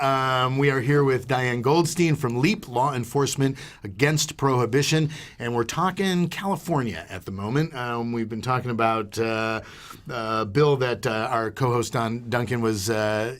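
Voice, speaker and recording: Male podcast host at a middle pitch; relaxed and casual. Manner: relaxed, fills pauses with um and uh.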